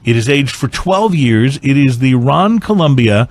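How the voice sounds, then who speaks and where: A man's voice: mid-range voice, expressive, unhurried. A man hosting a casual tasting podcast, talking in a meandering way with many fillers. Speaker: podcast host.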